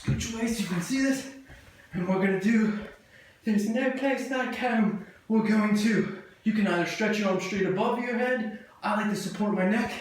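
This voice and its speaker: Upbeat woman coaching a workout in an echoey room. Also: mid-range voice. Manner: upbeat, chatty and jokey, cueing moves as she does them. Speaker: fitness instructor. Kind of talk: workout coaching while exercising. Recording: very echoey room, distant mic, audible noise.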